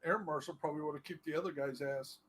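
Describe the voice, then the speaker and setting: A man's voice: a little high, steady tone, fast, a bit bright, a little hiss or hum, rough recording. A middle-aged man chatting casually while playing a game, telling a long story with many fillers and restarts. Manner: rambling, full of fillers and restarts. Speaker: gaming streamer.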